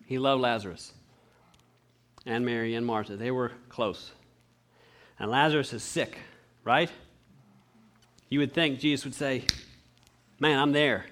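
A man preaching a sermon, animated and acting out the voices of the people he quotes. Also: medium pitch, measured pace, long pauses. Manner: clears throat often.

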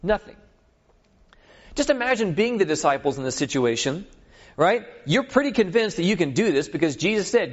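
Lively preaching man, muffled sound. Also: sits high, moderate pace. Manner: animated storytelling, acts out scripture scenes; asks the audience for agreement. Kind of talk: sermon. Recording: dull lo-fi recording.

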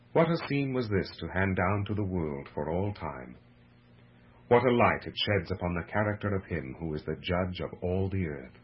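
A man narrating a religious book with a slow, measured, solemn delivery, heard on a muffled lo-fi radio recording. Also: low-pitched, husky.

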